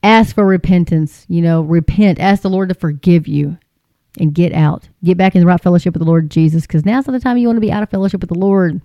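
A woman's voice: lowish voice, fast talker, dry recording, lo-fi sound. Impassioned woman preaching warnings. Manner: emphatic, mocking put-on voices, urgent pleading. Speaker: Christian video host. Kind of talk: impassioned religious commentary.

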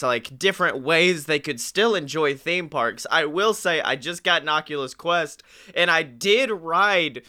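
A man's voice: fairly high pitch, bright, forceful tone, clean tone. A tired young man co-hosting a podcast, rambling and jokey with casual swearing. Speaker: podcast co-host. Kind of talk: casual chat.

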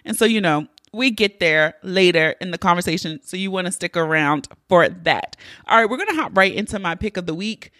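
A woman's voice: lowish voice, animated, brisk, pushed and bright, dry recording, studio quality. A woman hosting her podcast, talking casually and candidly, with plenty of cursing. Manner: candid, profane, chatty. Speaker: podcast host. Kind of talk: casual solo podcast intro.

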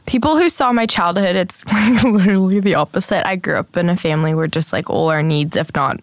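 A woman's voice: fairly low pitch, brisk, no room sound. A young woman, a guest in a casual interview, telling stories animatedly and acting out the voices of others. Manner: animated, acts out quotes, frequent "like".

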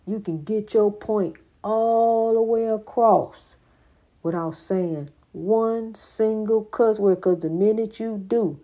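A woman's voice: fairly low pitch, warm tone. An older woman giving an informal, preaching monologue, repeating her points with emphasis in a folksy way. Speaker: spiritual speaker.

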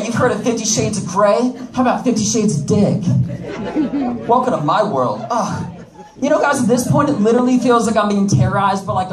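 High-voiced brash stand-up comic man. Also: roomy sound, recorded from a distance, low-quality recording. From United States. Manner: brash, joking asides to the audience. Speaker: stand-up comedian. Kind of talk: stand-up comedy set. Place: comedy club stage.

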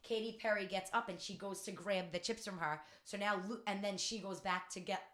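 A woman's voice: mid-range voice, fairly even intonation, brisk, fairly bright tone. Bubbly woman co-host, rambling chat, mid-range voice in an echoey room. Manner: bubbly, rambling, apologetic, laughs often. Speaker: podcast co-host. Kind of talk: casual chat.

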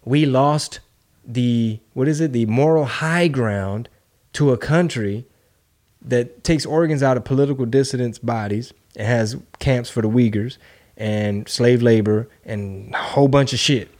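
Profane, animated man bantering on a podcast. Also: mid-range voice, a little slow. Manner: animated, profane, breaks into mocking impressions. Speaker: podcast co-host. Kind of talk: casual political banter.

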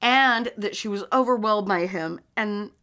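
A woman's voice: mid-range voice, a little slow, bright, forceful tone. A young woman co-hosting a casual podcast, swearing a lot and breaking into laughter while reading a true-crime story. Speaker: podcast co-host.

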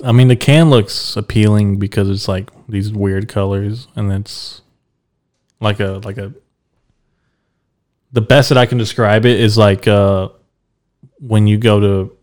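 A man's voice: on the low side, fairly even intonation, measured pace, pauses often, a little mellow. A man who is a guest on a podcast, chatting casually with crude, joking banter. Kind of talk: casual chat.

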